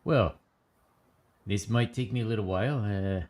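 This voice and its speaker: A man's voice: fairly low pitch, moderate pace, a crowd in the background. A man playing a tabletop game, speaking politely with some hesitation. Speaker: player.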